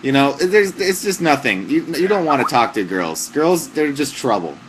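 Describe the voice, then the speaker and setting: Young male livestream host, mid-range voice, deadpan comic advice, rambling fillers. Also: medium pitch, moderate pace, noisy background. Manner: mock-serious, deadpan joking advice with frequent fillers. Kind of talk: casual comic livestream chat.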